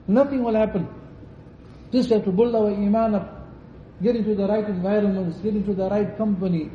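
Fervent high-voiced male preacher, echoey hall. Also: steady tone, a little fast, a little hiss or hum. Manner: fervent, pleading, repetitive invocations. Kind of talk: Ramadan night sermon and supplication. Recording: distant echoey lo-fi mosque recording.

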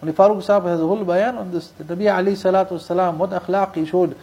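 Husky high-voiced male preacher. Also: steady tone, very fast, a little mellow, highs cut off. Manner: storytelling with Urdu and Arabic religious terms mixed in; repeats lines for emphasis. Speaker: Islamic preacher. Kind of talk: sermon.

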